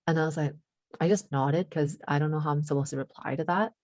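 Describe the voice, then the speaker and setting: A teenage girl with a deep voice, chatting casually as a podcast co-host and telling a story, full of fillers and switching into Cantonese now and then. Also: fast, darkish tone, no room sound. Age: teens. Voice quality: deep voice for a woman.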